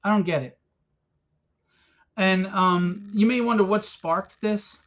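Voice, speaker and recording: Male publisher with a high voice, swears, rants bluntly at a convention room crowd, muffled recording. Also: slow pace, a bit bright. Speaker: comic book publisher. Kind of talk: impassioned rant to a small crowd. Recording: dull lo-fi event recording.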